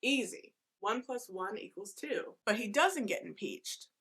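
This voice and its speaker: A woman delivering a satirical history explainer with sarcastic, deadpan asides. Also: mid-range voice, unhurried.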